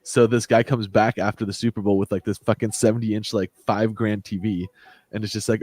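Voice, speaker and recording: A man's voice: fairly low pitch, steady tone, a little fast, a little mellow, no echo. A young man co-hosting a casual podcast, telling a swearing, laughing retail work story. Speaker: podcast co-host. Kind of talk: casual chat.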